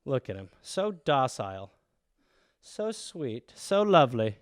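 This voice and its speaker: A man's voice: mid-range voice, sing-song, slow pace, no echo. A man hosting a casual livestream, rambling through plugs and then singing made-up rhymes to his cat. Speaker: podcast host.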